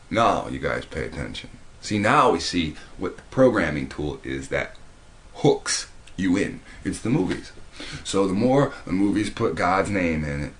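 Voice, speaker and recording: A man giving a preachy commentary monologue, emphatic and repetitive, often restarting his sentences. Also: low-pitched. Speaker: video commentator.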